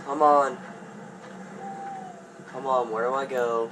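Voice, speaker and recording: A man's voice: mid-range voice, fairly even intonation, slow, long pauses. A man commentating a horror game as he plays, jittery and panicky and talking to himself. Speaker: gamer. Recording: hum of background noise.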